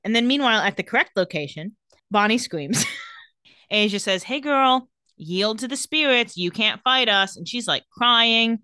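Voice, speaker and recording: A woman's voice: on the high side, expressive, normal speed, sharp tone, clear, resonant tone, no echo. A young woman co-hosting a casual chat, retelling TV scenes and quoting the characters. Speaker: podcast co-host recapping a TV episode.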